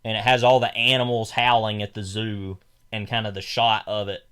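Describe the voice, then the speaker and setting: A man's voice: fairly low pitch, little pitch movement, normal speed, a bit bright, smooth. A young man co-hosting a podcast, talking through a film in a casual, rambling way with many fillers and restarts. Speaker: podcast co-host.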